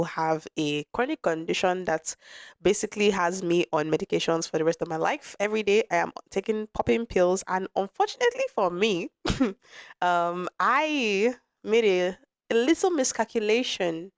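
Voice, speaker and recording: A young woman hosts her podcast, speaking frankly and chattily, often restarting mid-thought. Her voice sits on the low side and carries a slight wear from a lingering cough. The recording is close and dry, with no room sound. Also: clear, resonant tone, no room sound. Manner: frank, conversational, with frequent restarts and asides. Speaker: podcast host. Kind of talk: candid personal storytelling.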